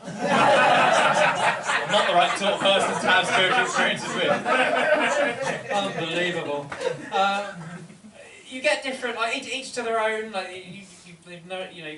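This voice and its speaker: A man's voice: high voice, animated, measured pace, a loud crowd. A man doing a wry, rambling stand-up set in a comedy venue. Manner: wry, rambling, self-interrupting. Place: comedy venue, live audience. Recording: roomy, distant, noisy live room.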